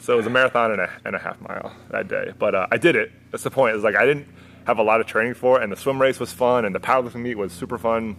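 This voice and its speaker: A man's voice: mid-range voice, expressive, fast talker, a bit bright. A young adult man, a guest coach, telling stories in a rambling casual way and laughing often. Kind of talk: casual chat.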